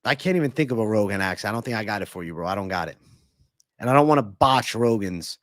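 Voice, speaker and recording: Lively intonation marks this lowish male voice, recorded at studio quality with no echo. The livestream host, a young Northeastern American, keeps his Q&A casual and profane, trading banter with chat and slipping in fast celebrity impressions.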